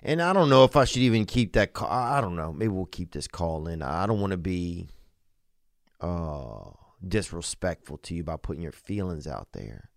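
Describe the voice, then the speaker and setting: A man hosting a podcast, talking loosely and warmly to a caller, rambling with laughing asides. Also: deep voice, expressive, normal speed, gravelly, dry recording, studio quality. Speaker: podcast host. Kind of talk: casual podcast chat.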